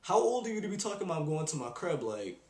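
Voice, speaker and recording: A young man ranting on his video blog in an exasperated, animated way. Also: on the high side, fast talker. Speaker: vlogger. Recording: echoey room.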